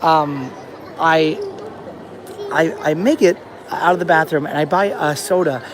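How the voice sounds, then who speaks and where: A young man from the States talks to his camera outdoors, rambling through a travel story and restarting his sentences often. His voice sits a bit high for a man, and faint outdoor ambience hums behind him. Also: unhurried, a crowd in the background, background noise. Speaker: travel vlogger. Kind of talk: casual vlog storytelling. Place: outdoors on a rainy beach.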